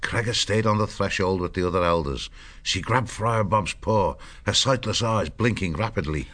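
A man reads a storybook aloud in a steady, even narrating voice. His pitch sits low and deep, with an unhurried, grounded tone. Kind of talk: audiobook narration.

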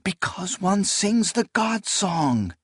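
An anguished woman begging her lover not to pull away, as a male audiobook reader puts her on. The voice sits higher than his own and stays husky and slow. It is recorded close and dry. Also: big pitch swings, no room sound, heavily acted. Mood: pleading. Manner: raised, pleading, emotional. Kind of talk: audiobook character voice.

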